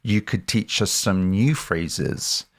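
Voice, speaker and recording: Very deep-voiced man hosting a lesson. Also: expressive, takes it slowly, no room sound, studio quality. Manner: casual, chatty, quizzes the teacher. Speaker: podcast host. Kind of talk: language lesson podcast.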